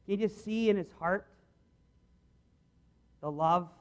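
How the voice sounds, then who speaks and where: A man's voice: sits high, slow pace. A man preaching a sermon in an earnest, conversational way, often restarting his sentences.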